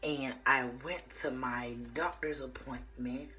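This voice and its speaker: A woman's voice: very deep voice, steady tone, slow, bright, forceful tone. A young Southern woman from Georgia telling a storytime vlog to her viewers, chatty and playful, slipping into whispers, a bit out of breath. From South Georgia, USA. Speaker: vlogger.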